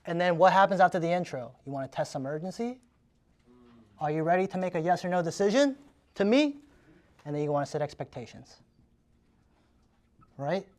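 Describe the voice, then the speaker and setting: A man giving a live sales training in a casual, energetic way, often tagging his points with "right?". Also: high-pitched, brisk, pauses often.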